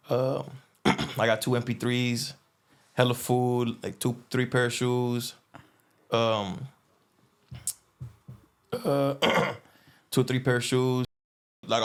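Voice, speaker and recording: A young man telling a long story in casual chat, rambling and filling gaps with "boom" and "you know what I'm saying". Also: clear, resonant tone. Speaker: guest.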